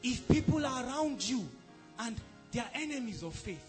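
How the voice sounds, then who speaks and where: A man's voice: very high voice, expressive, normal speed, a little mellow, soft background music. A male pastor preaching a sermon, emphatic, who keeps asking the congregation whether they are following.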